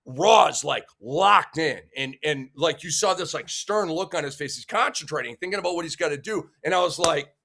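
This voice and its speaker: Excitable high-voiced male show host with a cold. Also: moderate pace, creaky, few pauses. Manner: enthusiastic, jokey, with frequent fillers and restarts. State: head cold. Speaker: sports debate show host. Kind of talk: casual talk-show hosting.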